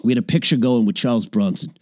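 A man's voice: fast, a little mellow, dry recording, studio quality, natural voice. A man playing a rambling old Hollywood producer. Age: older. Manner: rambling, name-dropping, drops into low confidential mutters. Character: aging boastful old-Hollywood male film producer, rambling name-dropper. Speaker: podcast host in character. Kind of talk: improvised character comedy podcast. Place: small home recording nook.

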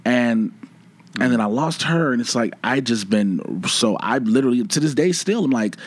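A man's voice: medium pitch, lively intonation, moderate pace. A man speaking as a podcast guest in a candid, emotional conversation, earnest and open. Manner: earnest, open, acts out others' words.

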